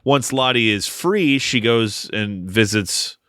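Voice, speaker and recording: A man's voice: mid-range voice, slow, a bit bright, clean tone, no room sound, clean studio sound. A man co-hosting a casual film podcast, wry and swearing as he laughs at the plot. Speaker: podcast co-host.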